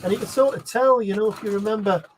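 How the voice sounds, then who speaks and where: A man's voice: sits high, fast, slight background noise. A man hosting a casual movie commentary, rambling with restarts and frequent laughs. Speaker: film commentary host.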